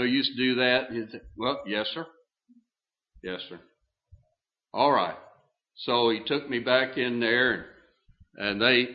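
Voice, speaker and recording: An older man in his sixties preaching a sermon, telling a folksy story with drawn-out phrases and many fillers. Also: mid-range voice, dull audio. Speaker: pastor.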